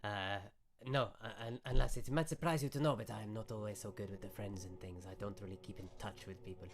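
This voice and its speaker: A man voicing an eccentric, guarded male wizard who talks in halting, oddly phrased speech. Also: lowish voice, fairly even intonation, close to an everyday voice. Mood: dismissive.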